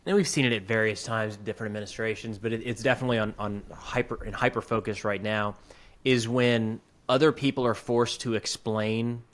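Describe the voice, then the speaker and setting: A man's voice: lowish voice, a bit bright. A man co-hosting a podcast who talks through his frustration with policy in a searching, conversational way. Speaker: podcast co-host. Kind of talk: conversational political discussion.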